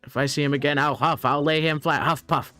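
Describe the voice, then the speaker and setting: A man's voice: fairly high pitch, fairly even intonation, brisk, bright, forceful tone, smooth, soft background music. A man reading game lines as a grumpy old woman, huffing and puffing between words. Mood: gasping. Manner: huffs and puffs between words. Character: wheezing cranky old woman, always out of breath. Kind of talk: reading game dialogue aloud.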